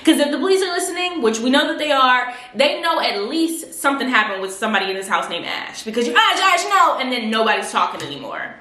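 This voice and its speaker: A woman's voice: a little high, expressive, quick pace, hardly any pauses, sharp tone, echoey room. A woman vlogger recapping a TV episode in casual, slangy chat, acting out the characters' lines as she goes. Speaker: TV review vlogger.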